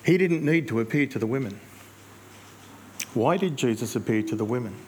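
A male pastor, preaching in a conversational storytelling way with reflective pauses. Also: mid-range voice, lively intonation, a little mellow, slight background noise. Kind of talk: sermon.

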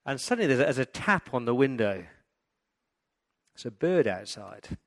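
A man who is a pastor, giving a Christmas sermon, telling stories and building to loud, emphatic preaching. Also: mid-range voice, big pitch swings, moderate pace.

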